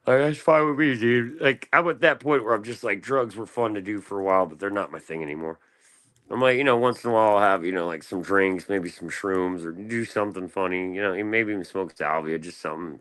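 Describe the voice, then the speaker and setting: A man's voice: low-pitched, fairly bright tone. An American man on a livestream panel, rambling casually and swearing a lot, calling everyone "dude" and "dog.". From United States. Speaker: panel guest.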